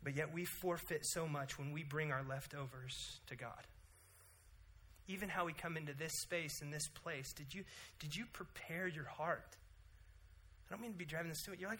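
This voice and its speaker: A man in his thirties preaching a sermon in a church, animated, rising loud for emphasis and dropping quiet to pray. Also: moderate pace, slight background noise. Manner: animated, rises loud and high for emphasis, then drops to quiet prayer. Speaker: pastor. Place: church sanctuary.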